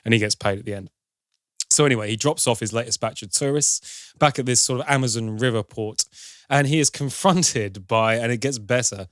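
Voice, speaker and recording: A man's voice: lowish voice, no echo, studio quality. A man, a podcast film reviewer, chattily retelling a film's plot with wry, sarcastic asides. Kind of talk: casual plot recap.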